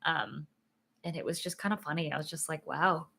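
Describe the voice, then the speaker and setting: A woman's voice: low voice, fairly even intonation, fairly quick, vocal fry, a bit bright. A young woman vlogging in a rambling, chatty way, full of "like" and "um", sleepy and yawning. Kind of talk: casual sit-down vlog chat.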